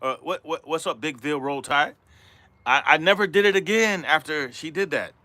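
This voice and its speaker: A man's voice: on the high side, moderate pace, bright, forceful tone, dry recording. A middle-aged man hosting a casual livestream, rambling and repeating himself as he greets viewers in the chat, speaking from outdoors in middle Georgia. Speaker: livestream host.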